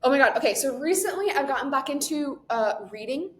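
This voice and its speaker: A young woman guesting on a podcast, chatting in a bubbly, quick way, laughing often and saying "like" a lot. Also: expressive, fairly bright tone. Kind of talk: casual chat. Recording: echoey room with faint rumble.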